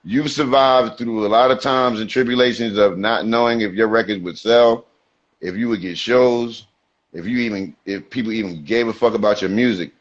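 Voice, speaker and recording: A man's voice: lowish voice, moderate pace. A man in his forties, a rapper guest, telling laid-back stories in street slang on a video call. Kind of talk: casual storytelling interview. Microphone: video call mic. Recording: dull, lo-fi sound.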